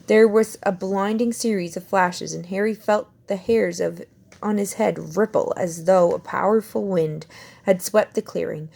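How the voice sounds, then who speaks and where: A woman reading a fantasy novel aloud in an expressive amateur audiobook style, stumbling and correcting herself now and then. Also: medium pitch, unhurried, creaky. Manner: expressive, with slips and self-corrections. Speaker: reader.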